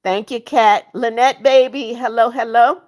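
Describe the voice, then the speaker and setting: A woman's voice: fairly high pitch, fairly even intonation, measured pace. A woman in her seventies hosting a livestream, reading viewers' comments aloud and greeting them by name. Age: 70s. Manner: sings happy birthday softly. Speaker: livestream host. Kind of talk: casual live-chat reading.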